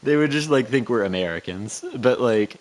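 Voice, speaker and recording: A man with a North Carolina accent chatting casually as co-host. He talks in a rambling, animated way, full of "like" and restarts. His voice sits at an average male pitch. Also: normal speed. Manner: rambling and animated, with many fillers. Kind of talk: casual chat.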